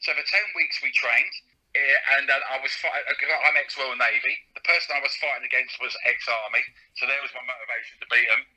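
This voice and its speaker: A man's voice: medium pitch, steady tone, brisk, sharp tone, low-quality recording. Chatty man with a lisp. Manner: chatty, laughing storyteller, British slang. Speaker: guest, comedian and radio presenter. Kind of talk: casual interview chat.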